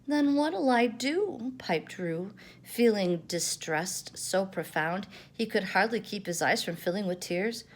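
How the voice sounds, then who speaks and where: An older woman, a grandmother, reading a children's storybook aloud with gentle, expressive delivery. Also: fairly low pitch, a little slow, few pauses. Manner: gentle expressive read-aloud, varied intonation.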